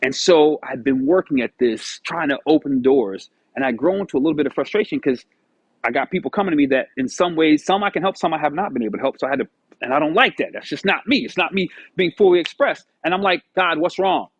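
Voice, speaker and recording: A man giving a casual motivational monologue, animated and storytelling, acting out his own past dialogue. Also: a little high, quick pace, husky, no room sound, dull audio. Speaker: motivational vlogger.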